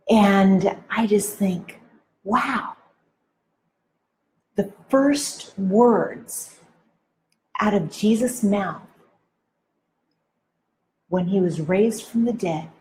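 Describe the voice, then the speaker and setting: A woman delivers a devotional talk at an unhurried, measured pace, in a middle-pitched voice. She asks her listeners reflective questions. She often checks in with a soft "right?". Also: a little hiss or hum. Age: married adult. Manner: slow and deliberate, with frequent "right?" tags. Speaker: women's devotional speaker.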